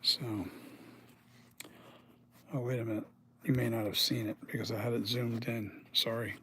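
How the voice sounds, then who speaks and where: A tired middle-aged mask maker rambles casually to his viewers, filming himself on a phone camera in his home workshop. His voice is medium-pitched, a bit bright and level in tone, at a normal pace. There's slight background noise.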